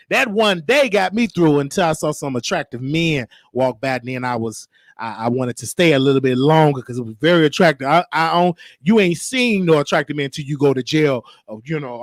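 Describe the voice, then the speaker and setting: A man hosting a casual commentary show with a Chicago accent, talking animatedly and jumping into shrill voices for quotes. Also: dry recording, studio quality. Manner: animated, shifts into high shrieking voices for quotes. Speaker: show host.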